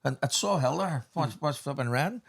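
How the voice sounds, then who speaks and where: A man with a Northern Irish accent telling swearing, animated stories in a casual podcast chat. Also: mid-range voice, moderate pace, gravelly, slightly rough. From Northern Ireland. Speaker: podcast host.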